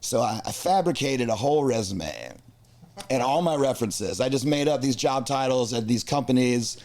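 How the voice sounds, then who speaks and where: A man in his forties from the American South, a guest musician telling stories in a casual interview and jumping his pitch when he acts out quotes. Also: normal speed. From Southern United States. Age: 40s. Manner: animated storyteller who voices quotes with big pitch jumps.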